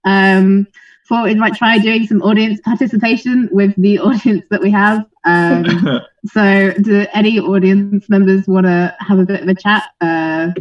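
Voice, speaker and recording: A woman's voice: mid-range voice, steady tone, unhurried. A young woman MC hosting a comedy night from a small closet, chatty and giggly with dry asides. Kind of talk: hosting a comedy show over a video call. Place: small dark closet lit by candles. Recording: distant lo-fi laptop mic.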